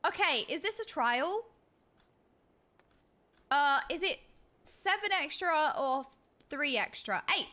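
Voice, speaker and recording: A woman's voice: sits high, animated, slow pace, long pauses, pushed and bright. A young woman streaming a game, chatting playfully and chanting silly words in a sing-song way. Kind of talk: casual live-stream chatter.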